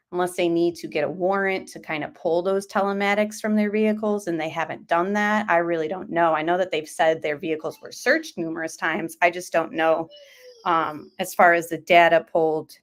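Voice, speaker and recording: A woman's voice: fairly low pitch, a bit bright. A woman hosting a true crime livestream, talking casually and rambling with many fillers and hedges.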